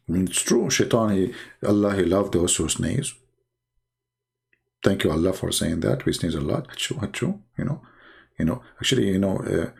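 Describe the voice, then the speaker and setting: Gravelly man with Arabic accent. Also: fairly low pitch, a little mellow. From Arab world. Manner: sarcastic, broken English with frequent fillers. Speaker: host. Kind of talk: mocking live-stream commentary.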